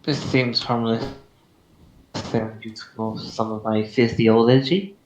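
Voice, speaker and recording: Brief: a man doing a polite snake-folk druid woman, put-on Spanish accent, hesitant delivery, mid-pitched, roomy sound. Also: steady tone, takes it slowly, a little mellow, lo-fi sound, a little hiss or hum, natural voice. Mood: polite, curious. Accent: attempted Spanish accent. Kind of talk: tabletop role-play voicing.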